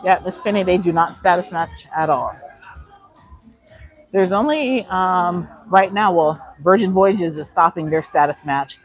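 A woman's voice: fairly low pitch, unhurried, soft background music, rough recording. A woman vlogger giving a chatty live walking tour of a cruise ship, answering chat questions, a little out of breath. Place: aboard a cruise ship, indoor decks.

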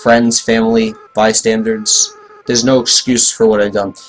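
A man reading aloud the lines of a remorseful young boy monster from a game, softly and gently. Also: lowish voice, level tone, a little slow, a little hiss or hum, natural voice, low-quality recording.

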